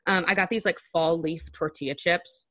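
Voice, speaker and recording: A young woman with a Southern US accent, co-hosting a podcast in casual chat from her bedroom, playful and quick to laugh. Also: on the low side, steady tone, a bit bright, dry recording, studio quality. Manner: laughs often, playful and chatty. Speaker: podcast co-host.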